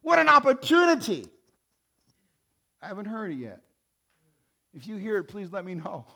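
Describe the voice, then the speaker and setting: A man in his sixties, a pastor, preaching with emphatic swells and soft conversational asides. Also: high-pitched, animated, a little fast, breathy edge. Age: 60s. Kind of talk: sermon.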